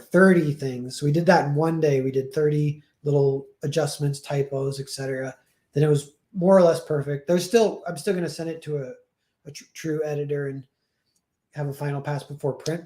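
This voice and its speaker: A man's voice: on the high side, a little mellow, reverberant. A young man chatting casually on a livestream, rambling and self-deprecating, acting out quoted dialogue as he tells stories. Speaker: streamer and comic artist.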